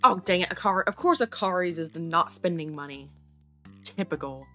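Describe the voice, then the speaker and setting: A woman's voice: fairly low pitch, lively intonation, a little fast, bright, forceful tone, faint music behind. A woman playing a video game and commenting as she goes, chatting to the characters on screen. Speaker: gaming video creator.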